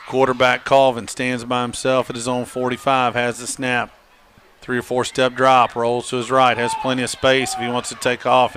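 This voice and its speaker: Guy calling high school football, bright voice, joking around, faint crowd behind. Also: a little hiss or hum. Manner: chatty, joking, laughs often. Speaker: play-by-play announcer.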